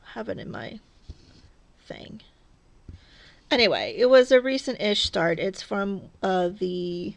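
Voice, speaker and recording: Woman, cross-stitch vlogger, gravelly voice, unhurried, rambling chatty manner. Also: mid-range voice, animated. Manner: rambling, chatty, laughs at herself. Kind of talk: casual stitch-along chat.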